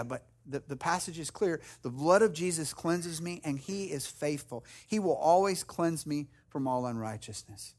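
A man preaching a sermon as a pastor, earnest, acting out prayers and little dialogues, often restarting phrases. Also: a little high.

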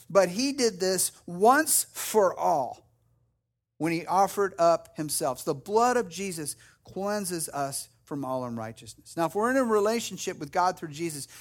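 A man preaching a sermon as a pastor, earnest, acting out prayers and little dialogues, often restarting phrases. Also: high voice.

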